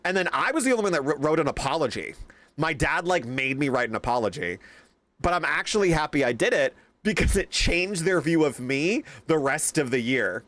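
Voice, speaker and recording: A young man streaming a game, casually reacting to chat and telling animated stories with plenty of swearing. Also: on the high side, a little fast, no room sound.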